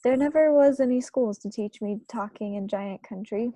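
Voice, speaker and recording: A woman's voice: a little high, moderate pace, dry recording, natural voice. Woman voicing a kindly old giant. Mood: earnest. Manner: garbled grammar, loud and earnest. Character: huge kindly old male giant, muddled talker.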